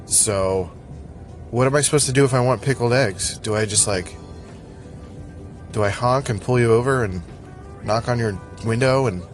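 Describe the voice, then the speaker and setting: A man's voice: medium pitch, moderate pace, pauses often, soft background music. A man hosting a casual podcast, talking while he drives, in a scattered, joking, self-deprecating way. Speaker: podcast host. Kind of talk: casual rambling monologue. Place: in a car in traffic.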